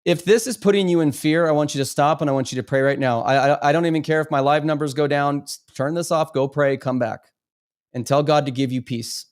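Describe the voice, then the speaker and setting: A man's voice: a little high, fairly even intonation, a little fast, clear, resonant tone. A man hosting a live stream, talking emphatically and stumbling over repeated words. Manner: emphatic, stammering repetitions. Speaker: livestream host. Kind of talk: impassioned live commentary.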